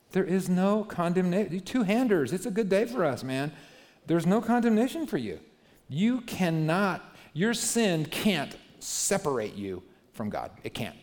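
A man preaching to a young congregation, animated, swinging between loud emphasis and quiet asides. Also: high-pitched. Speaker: youth pastor. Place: church hall. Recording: long hall reverb.

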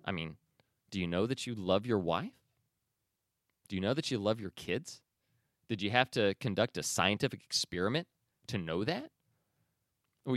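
A man's voice: medium pitch, no room sound, studio quality. A man hosting a podcast, talking in a conversational, emphatic way and correcting himself as he goes. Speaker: podcast host. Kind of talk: casual commentary and reading aloud.

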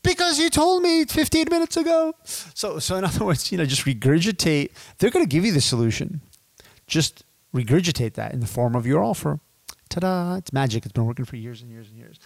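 A man in his thirties teaching business as a podcast guest, animated and casual, addressing listeners as dude and my friends. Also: mid-range voice, brisk, vocal fry, no echo. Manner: acts out sales calls in quoted voices.

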